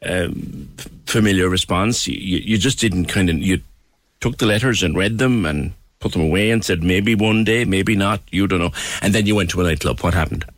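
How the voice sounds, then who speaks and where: Male radio host, low lively voice, dry studio, prompts the guest. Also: normal speed, no echo. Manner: prompting, recapping the guest's story. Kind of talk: interviewing.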